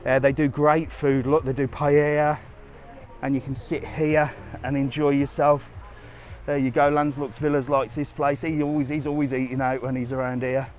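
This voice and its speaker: A man's voice: medium pitch, flat delivery, normal speed, darkish tone, soft background music. A chatty man talks straight to his phone as he walks outdoors along a seaside promenade. His commentary rambles and turns cheeky, with an ordinary mid-range voice. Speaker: travel vlogger. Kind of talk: live walking vlog.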